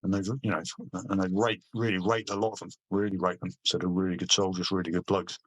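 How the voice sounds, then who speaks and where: Blunt sweary veteran, low voice. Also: male voice, flat delivery, no echo. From Britain. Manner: blunt, sweary, halting with restarts. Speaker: army veteran guest. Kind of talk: casual interview storytelling.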